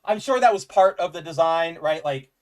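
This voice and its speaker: A man's voice: a little high, expressive, moderate pace, a little mellow. A man co-hosting a casual comics chat, enthusiastic and rambling, with lots of "like" fillers. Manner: enthusiastic, rambling, says "like" often. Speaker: podcast co-host.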